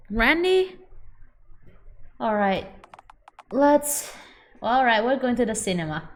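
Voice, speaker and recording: A woman's voice: on the high side, big pitch swings, takes it slowly, pauses often. A young woman streaming a dating game, reacting playfully and reading the dialogue aloud in casual commentary.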